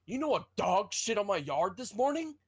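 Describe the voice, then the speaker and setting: A man's voice: high voice, big pitch swings, moderate pace, crowd noise. A man in casual chat, tossing in playful jokes. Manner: playful, jokey interjections.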